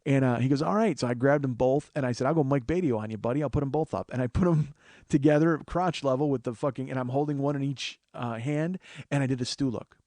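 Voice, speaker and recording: A man in his forties recounts a story alone at the mic, wry and full of swearing. His voice sits at an ordinary middle pitch, and the sound is close and dry, with no room around it. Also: fast talker, mellow, no echo. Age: 40s. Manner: profane, wry, acts out other people's voices. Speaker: podcast host. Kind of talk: solo storytelling monologue.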